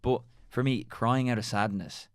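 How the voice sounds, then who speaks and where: A man's voice: mid-range voice, unhurried, clear, resonant tone, no echo, studio quality. A young Irish man chatting casually on a podcast, telling stories and acting out the things people said. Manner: animated storyteller acting out quoted remarks.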